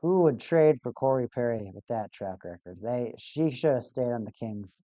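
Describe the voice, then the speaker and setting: A streamer casually commenting on a live hockey game for a watch party, getting excitable over goals and repeating stats aloud. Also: medium pitch, moderate pace, dry recording. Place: home streaming setup.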